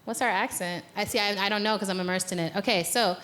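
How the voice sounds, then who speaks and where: Speaking quickly in a fairly bright, medium-pitched voice, a woman from the United States runs a guided exercise on a conference stage. As organizer and speaker, she follows it with a conversational, playful talk, laughing along with her own jokes.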